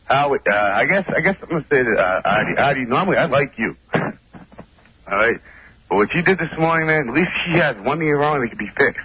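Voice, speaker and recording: A male caller on a radio show, his voice at an ordinary pitch and full of hesitations as he needles someone. The line sounds dull and lo-fi, with a faint hiss behind it. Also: expressive, a little fast. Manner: chummy then cutting, hesitant. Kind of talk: call-in radio chat.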